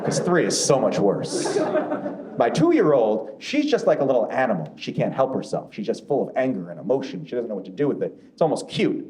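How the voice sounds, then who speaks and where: A brash man in his thirties works a club stage, his pitch swinging lively as he talks. The sound is roomy, with a noisy crowd clearly behind him. His profane stories come through a handheld stage mic. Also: fairly quick. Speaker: stand-up comedian. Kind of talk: stand-up comedy set.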